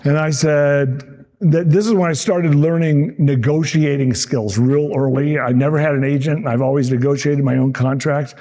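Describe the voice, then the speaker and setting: A man in his sixties, a TV meteorologist telling lively stories from his career to an audience. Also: a little high, normal speed. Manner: lively anecdotal, acts out quotes, frequent restarts. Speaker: TV meteorologist giving a talk. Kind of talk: storytelling presentation to an audience.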